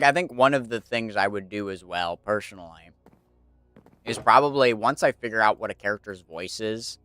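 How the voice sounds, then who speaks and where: A man's voice: lowish voice, fairly bright tone, smooth, dry recording. A young man streaming casually, rambling and thinking aloud with lots of fillers while he plays a building game.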